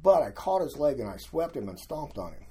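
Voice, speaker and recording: An older man, a guest, telling lively anecdotes in a casual storytelling way and acting out what other people said. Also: on the high side, brisk, husky. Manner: animated anecdotes, acting out quoted voices.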